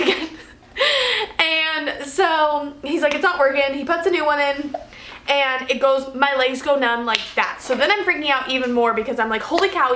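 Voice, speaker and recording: A woman's voice: high-pitched, sharp tone, roomy sound, a little hiss or hum. A woman in her twenties telling a personal story to camera in a candid, chatty way, laughing often and acting out what people said. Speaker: NICU nurse.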